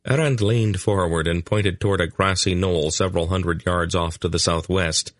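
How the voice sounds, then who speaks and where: A male audiobook narrator reading a story in an even, measured way. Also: low-pitched, no room sound. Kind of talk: scripted narration.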